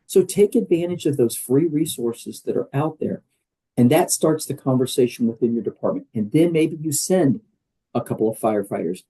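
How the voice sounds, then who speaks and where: An older man with a very dark, husky voice, talking in an emphatic and conversational way. He is a guest on a podcast interview and keeps slipping in fillers as he makes his points. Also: mid-range voice, rough recording. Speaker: guest, wellness program leader.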